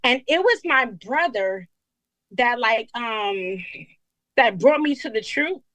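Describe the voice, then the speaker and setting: A woman's voice: on the high side, animated, slow, fairly bright tone, no room sound, rough recording. A young woman from Brooklyn, calling in and rambling with lots of fillers. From Brooklyn, New York. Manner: rambling, many fillers like "you know". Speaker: caller. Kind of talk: emotional call-in chat.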